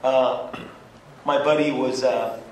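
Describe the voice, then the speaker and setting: A man on a convention panel, telling animated stories and acting out quotes in bursts of high pitch. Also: slow pace, background noise. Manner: energetic, acts out quotes with sudden high-pitched outbursts. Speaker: comics creator on a convention panel. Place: large convention hall. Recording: echoey hall from far off with crowd.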